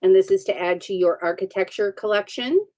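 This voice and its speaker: A woman's voice: medium pitch, brisk, a little mellow. A woman hosting a casual livestream chat, upbeat and chatty with frequent ums. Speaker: livestream host.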